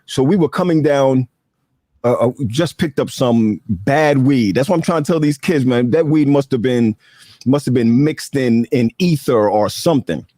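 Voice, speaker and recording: A male host leads a casual chat, telling stories animatedly and laughing often. His voice is medium-pitched and moderately paced, captured in a dry, studio-quality recording.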